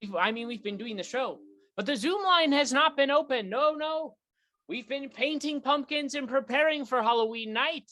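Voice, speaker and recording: A woman hosts a spoof paranormal call-in show in a slightly high voice. She leans into a hammy, theatrical announcer delivery. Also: a bit bright. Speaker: comedy talk show host.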